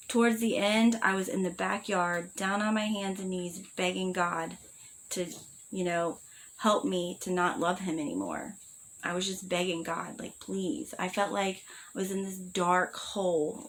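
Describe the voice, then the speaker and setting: A woman's voice: on the low side, a bit bright, a little hiss or hum, poor audio. A middle-aged woman candidly telling a personal story in a vlog, blunt and rambling, swearing freely with lots of fillers. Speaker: vlogger.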